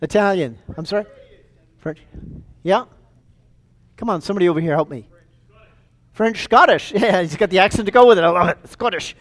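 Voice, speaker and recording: Animated high-voiced male pastor preaching. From United States. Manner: animated, engages the congregation, repeats words. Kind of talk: sermon. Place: church sanctuary.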